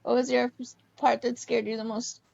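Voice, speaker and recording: A woman's voice: on the high side, flat delivery, moderate pace, vocal fry, darkish tone, no echo, dull audio. A woman chatting casually on a podcast, giggly and asking short questions. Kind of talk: casual chat.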